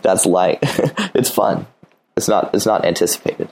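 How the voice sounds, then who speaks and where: A man's voice: sits low, lively intonation, measured pace, darkish tone, a little hiss or hum, low-quality recording. A man giving casual dating advice, blunt and profane, acting out little dialogues.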